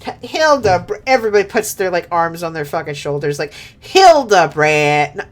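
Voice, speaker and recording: A woman's voice: on the low side, very animated, moderate pace, few pauses. A young woman streaming a game, giggly and rambling, who swears casually as she comments.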